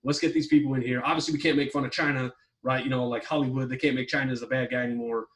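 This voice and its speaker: A man's voice: mid-range voice, steady tone, very fast, fairly bright tone, distant mic, rough recording. A man chatting casually on a podcast, rambling with lots of fillers like "you know" and "like". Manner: rambling, heavy on fillers, swears when worked up. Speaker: podcast co-host reviewing a movie plot. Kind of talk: casual chat.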